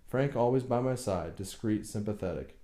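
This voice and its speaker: Guy doing a bitter tormented husband from a novel, low and dark, echoey room. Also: normal speed, close to an everyday voice. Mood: brooding. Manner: brooding, bursts into bitter anger. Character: tormented older English husband, man.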